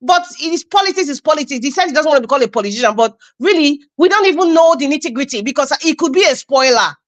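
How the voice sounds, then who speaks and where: A woman's voice: high voice, animated, quick pace. A woman speaking as a panelist in a heated political discussion on a live online stream, passionate and emphatic, often repeating herself.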